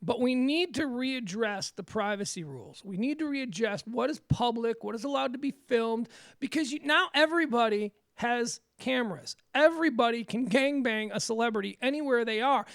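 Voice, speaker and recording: Give me a woman hosting talk radio, a creaky voice, telling stories and acting out quotes. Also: fairly high pitch, normal speed, few pauses, dry recording. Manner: animated storyteller, acts out quotes. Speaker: radio show host. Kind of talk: casual talk radio chat.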